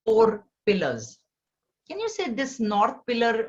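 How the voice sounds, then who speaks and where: A woman teaching a scripture class, earnest, often restarting her sentences and rising in pitch to stress her points. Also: big pitch swings, unhurried, lo-fi sound. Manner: earnest, repetitive, with many restarts. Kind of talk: spiritual lesson on scripture.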